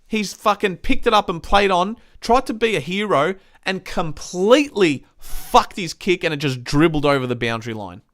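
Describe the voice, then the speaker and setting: Australian guy, host, fired-up sweary match rant, lively up-and-down pitch, fairly high voice. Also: moderate pace, hardly any pauses. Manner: heated, sweary, exasperated ranting. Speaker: podcast host reviewing a football match. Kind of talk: casual ranting match review.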